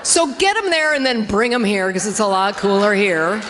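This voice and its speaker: A woman's voice: medium pitch, animated, normal speed, background noise. A woman doing a chatty, self-mocking stand-up set in a church hall, acting out dialogue in funny voices. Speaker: stand-up comedian. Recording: live in a reverberant hall.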